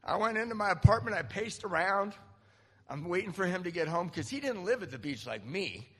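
Brief: fifties man, gravelly and husky, self-mocking storyteller at a recovery meeting, reverberant hall. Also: high-pitched, a little fast. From Southern California, US. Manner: animated, self-mocking, laughs often. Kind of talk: personal storytelling talk.

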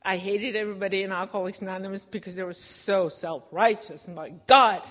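A woman's voice: mid-range voice, steady tone, a little fast, a bit bright, long reverb tail. A woman telling her recovery story in a candid, self-deprecating way, often laughing at herself. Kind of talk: personal recovery testimony.

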